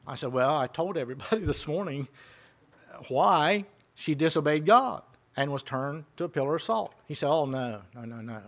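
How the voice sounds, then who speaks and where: Male preacher, somewhat high voice, chatty sermon full of questions to the flock. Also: lively intonation, moderate pace. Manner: conversational, retells exchanges and asks rhetorical questions.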